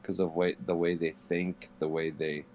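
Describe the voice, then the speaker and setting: A man with a low, deep voice chats casually while streaming a game. He rambles from one joke to the next and swears freely, with a faint hiss behind him. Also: flat delivery, normal speed, a little mellow. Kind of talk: casual chat while gaming.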